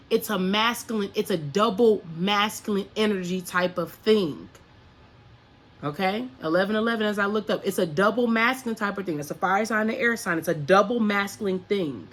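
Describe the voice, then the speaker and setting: A woman's voice: on the low side, fairly bright tone. A woman speaking as a spiritual coach and astrology reader. She talks casually to her viewers, with emphatic, repeated rhetorical questions and profane slang.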